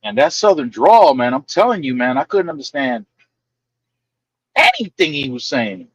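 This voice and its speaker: A man's voice: fairly high pitch, normal speed, creaky, breathy edge, dry recording, highs cut off. A man chatting casually on a livestream, telling stories in an emphatic, teasing way. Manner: animated storyteller, emphatic and teasing. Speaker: livestream co-host. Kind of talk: casual chat.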